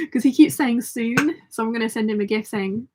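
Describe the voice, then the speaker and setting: A woman hosting a casual sewing livestream, chatty and reading viewer comments aloud, her voice slightly croaky. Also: a little high, fairly quick, background noise. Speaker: sewing channel host.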